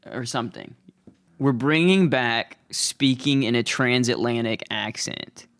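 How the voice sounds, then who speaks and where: A man's voice: mid-range voice, measured pace, fairly bright tone. A young man hosting his own show, talking in a casual, rambling, self-deprecating comedic monologue. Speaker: host.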